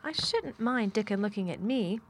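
A frail, sickly young boy from a storybook, quick to excitement and eager outbursts, as a woman reads him aloud. His voice lifts a little above an ordinary reading voice. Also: medium pitch, husky.

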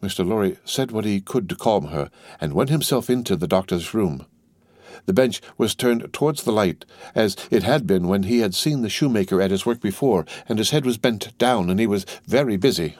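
A man narrating an audiobook in a measured, steady reading voice. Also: fairly low pitch, dry recording. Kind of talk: scripted narration.

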